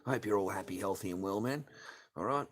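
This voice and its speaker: A middle-aged man talks casually on his livestream, answering chat messages with heavy swearing and biting sarcasm. His voice sits a little low, and he argues and rants as he goes. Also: fast talker. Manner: swears constantly, argumentative and sarcastic. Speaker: livestream host reading chat.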